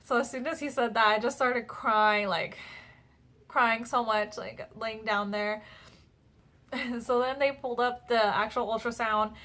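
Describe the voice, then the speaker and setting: A chatty young woman talks straight to the camera in a relaxed personal vlog. Her voice sits a little high, and she keeps retelling conversations with plenty of "like" and "so I was like". It sounds recorded at home on a camera mic. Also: a little slow. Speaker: vlogger.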